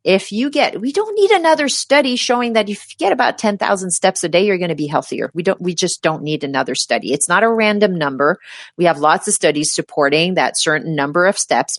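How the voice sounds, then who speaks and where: A fairly low-pitched woman's voice comes through in studio quality, free of room sound. This middle-aged healthcare provider, a guest in an informal interview, delivers emphatic advice with lots of animation and plays out her patients' quoted remarks.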